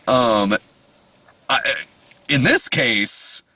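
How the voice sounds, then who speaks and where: A man's voice: medium pitch, lively intonation, very slow, sharp tone, no echo. A man co-hosting a casual movie podcast, talking in a profane, rambling way and often cutting himself off. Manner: profane, rambling, self-interrupting. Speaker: podcast co-host. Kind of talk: casual movie-trailer chat.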